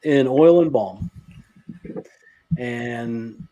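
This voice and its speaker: A man's voice: mid-range voice, drawn-out words, warm tone, dull audio. A man who owns a beard care company, talking casually as a podcast guest and laughing between his thoughts.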